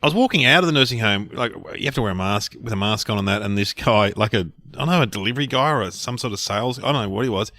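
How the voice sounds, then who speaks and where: A man's voice: lowish voice, very fast, hardly any pauses, dry recording. A middle-aged man, a comedian co-hosting a podcast, telling stories in casual chat and acting out the people in them. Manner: animated storytelling with quoted voices.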